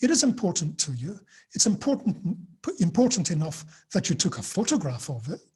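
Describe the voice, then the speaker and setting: Husky man teaching online. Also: sits high, very animated, fairly quick, darkish tone. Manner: storytelling, explaining with examples. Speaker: teacher trainer.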